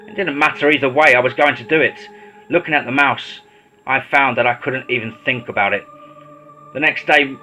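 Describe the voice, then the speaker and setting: A man narrating a horror story in a steady, dramatic storytelling voice. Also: mid-range voice. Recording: slightly dull lo-fi audio with faint music.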